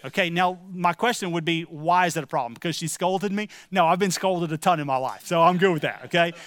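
A man's voice: fairly high pitch, fairly quick, a bit bright, dry recording. A middle-aged male pastor giving a sermon in a conversational way, asking the congregation questions and turning stern and emphatic. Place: church sanctuary.

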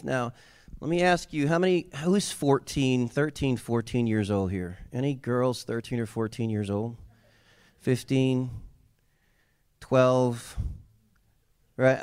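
A man preaching a sermon, reading scripture and explaining it in a casual, animated way with slang. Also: mid-range voice, clean tone. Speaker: pastor.

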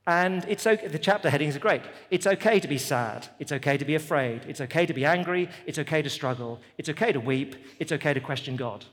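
A man's voice: fairly high pitch, lively intonation, quick pace, hardly any pauses, fairly bright tone, long reverb tail. A man preaching a sermon at a festival, with an emphatic, repetitive cadence. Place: festival venue.

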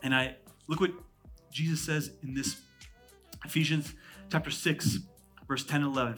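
A man in his thirties, a pastor from California, preaching a sermon. He jumps between loud, emphatic lines and hushed asides, with quick, conversational humor. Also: a little high, soft background music.

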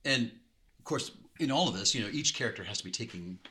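A man's voice: medium pitch, expressive, quick pace, bright, forceful tone. A man talking casually on a discussion panel, agreeable and easygoing.

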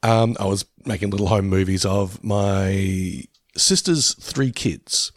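A man's voice: low-pitched, slow pace, no room sound, clean studio sound. A middle-aged Australian man co-hosting a podcast in casual chat, joking, laughing often and swearing freely. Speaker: podcast co-host.

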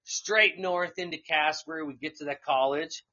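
Heard through a muffled recording, a man with a high-sitting voice, pushed and bright yet steady in tone, casually tells a rambling story on a live stream. He takes his time, swearing freely and laughing throughout.

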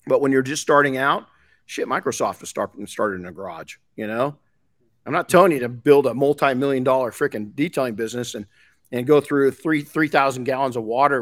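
A man's voice: medium pitch, a bit bright, dry recording, studio quality. A man hosting a podcast in casual chat, frank and rambling, swearing casually. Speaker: podcast host.

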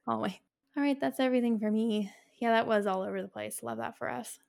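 A woman co-hosting a podcast in casual chat, relaxed and rambling with fillers. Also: fairly high pitch, brisk, creaky. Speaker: podcast co-host.

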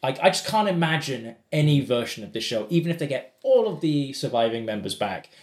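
A man co-hosting a podcast, sharing opinions in casual chat and going off on quick tangents. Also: medium pitch, sing-song, roomy sound. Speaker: podcast co-host.

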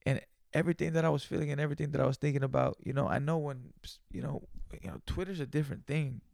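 Gravelly-voiced man ranting on a podcast. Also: a little high, fast talker, a little mellow, no echo, studio quality. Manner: profane, rambling, conversational. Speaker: podcast host. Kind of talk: solo podcast rant.

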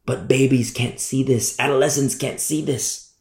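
A man's voice: medium pitch, fairly even intonation, normal speed, a little mellow. A male pastor preaching a fervent sermon, driving points home with repetition. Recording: roomy echo.

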